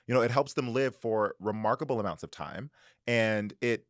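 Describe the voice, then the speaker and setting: Guy on a book podcast, low voice, really dry sound, tells the story all animated. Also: moderate pace, dry recording. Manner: animated storytelling, acting out characters' lines. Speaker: podcast co-host. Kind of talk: casual book discussion.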